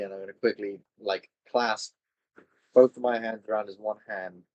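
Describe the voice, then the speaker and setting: A woman's voice: extremely low pitch, fairly even intonation, normal speed, a little mellow, lo-fi sound. A woman player in a tabletop game with a dry, teasing manner. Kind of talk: casual tabletop play.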